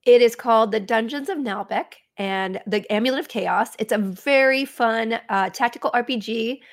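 A woman's voice: fairly high pitch, moderate pace. A woman guest in casual chat, playful and teasing.

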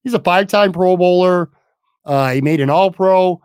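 A man hosting a sports podcast in blunt, rambling casual talk, hoarse from losing his voice. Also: sits high, normal speed, darkish tone, no room sound, clean studio sound. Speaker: podcast host.

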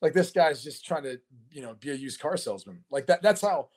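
A man's voice: a little high, expressive, fairly quick, darkish tone. Chatty man hosting a sports show. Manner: chatty, rambling with many fillers and laughs. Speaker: host. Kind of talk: casual sports chat.

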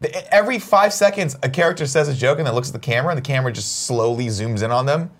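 A man hosting a casual chat show, talking in an animated, mock-ranting, blunt way and swearing freely. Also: medium pitch, rapid-fire. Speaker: host.

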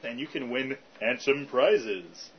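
A man's voice: mid-range voice, slow. A man co-hosts a fan podcast in an easy, chatty way, reading out tips and web addresses between laughs. His voice sits in a middle register. The recording is dull and lo-fi, with a faint hiss under it. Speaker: podcast co-host. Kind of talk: casual chat.

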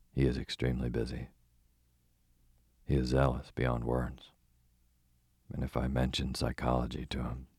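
A man voicing a fussy, precise older male detective who speaks placidly and deliberately, with foreign turns of phrase. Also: extremely low pitch, darkish tone, breathy edge, no room sound, clean studio sound, heavily acted.

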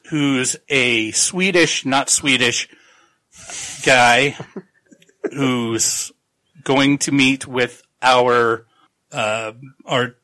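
Bright-voiced joking man recapping a novel. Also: medium pitch. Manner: rambling, jokey recap full of laughs and profanity. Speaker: podcast host. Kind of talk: casual book-club chat.

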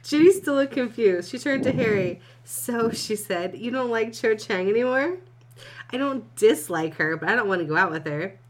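A woman's voice: on the high side, expressive, moderate pace, a little hiss or hum. A young woman co-hosting a podcast, reading fan fiction aloud and breaking off to laugh and swear. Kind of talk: casual reading and chat.

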